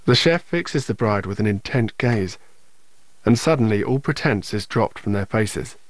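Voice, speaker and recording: A man reading scripted audio description in a steady, matter-of-fact way. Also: fairly low pitch, normal speed, no room sound.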